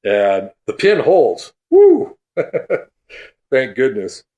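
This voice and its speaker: A man with a slightly low voice tells a story with gusto as a podcast guest. He laughs often and acts out the voices of the people in it. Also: normal speed, a little mellow, muffled recording. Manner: laughs through his stories; acts out quoted speech. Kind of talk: animated storytelling.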